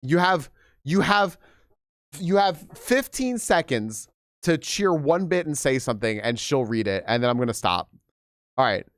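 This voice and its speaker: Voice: medium pitch, animated, measured pace, dry recording. A young adult live streamer chatting casually with viewers, giggling often, swearing freely and rambling through restarts.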